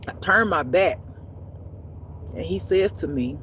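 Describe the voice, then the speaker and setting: A woman telling a personal story as a spiritual life teacher, in a blunt, profane, animated way that swings between loud and hushed. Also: on the low side, unhurried, long pauses, a little hiss or hum. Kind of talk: casual storytelling monologue.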